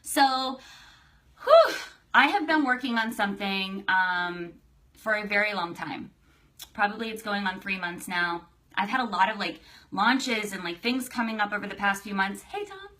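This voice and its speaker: Bright chatty woman hosting a live stream. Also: mid-range voice, expressive, normal speed. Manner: chatty, greets viewers by name, emotional. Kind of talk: casual livestream chat.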